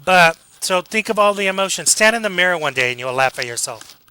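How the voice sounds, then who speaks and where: A man giving a casual classroom lecture, joking with students, acting out quick examples and checking in with a frequent "okay?". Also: high-pitched, lively intonation, bright, forceful tone, clear, resonant tone, low-quality recording. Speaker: college lecturer.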